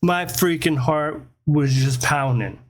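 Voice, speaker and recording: Slightly high-voiced man telling a story. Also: slow. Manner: animated, acts out quotes, swears casually. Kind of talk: casual storytime.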